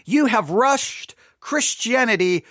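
A man with a notably high voice hosts his podcast, acting out a story with lots of drama before moving into impassioned commentary. His voice is recorded dry and close, with almost no room sound. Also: animated, slow, sharp tone, no room sound. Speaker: podcast host.

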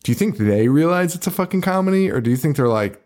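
A man's voice: a little high, fast talker. A man hosting a podcast, chatting casually about a movie, swearing freely and laughing often. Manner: profane, excitable, laughs often. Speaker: podcast host.

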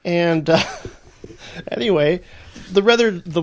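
A man's voice: a little high, lively intonation, normal speed. A man co-hosting a casual podcast chat, reading a listener letter aloud with laughing asides. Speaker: podcast co-host.

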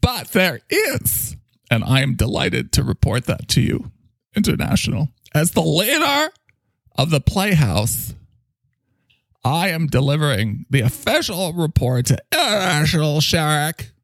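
A man's voice: on the high side, big pitch swings, fairly bright tone, no echo, full character voice. A man voicing a pompous, bossy male playhouse leader in an improvised comedy bit, stretching his words out grandly. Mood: grandiose. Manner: drawn-out, bossy, grandiose delivery.

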